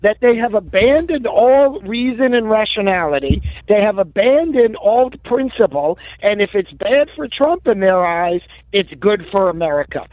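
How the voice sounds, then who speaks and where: A man's voice: high voice, lively intonation, normal speed, few pauses, no echo. A man calling into a radio show as a guest, giving articulate, sardonic political commentary that he builds step by step. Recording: tinny phone-line call.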